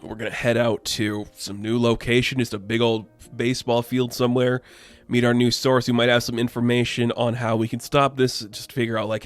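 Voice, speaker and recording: A man's voice: medium pitch, level tone, a little fast, faint music behind. A young man casually reviewing a comic, rambling and sarcastic, with lots of fillers. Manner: rambling, sarcastic, loose paraphrasing with frequent fillers.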